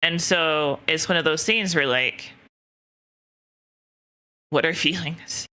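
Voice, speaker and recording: A woman's voice: low voice, slow pace, pushed and bright. A woman streamer chatting casually and frankly with her viewers, rambling with plenty of fillers and the odd swear.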